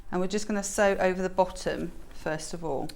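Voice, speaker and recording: A woman's voice: on the low side, brisk, creaky, darkish tone. A woman demonstrating sewing on a live shopping channel. She talks in a chatty, giggly way, explaining each step. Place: TV studio.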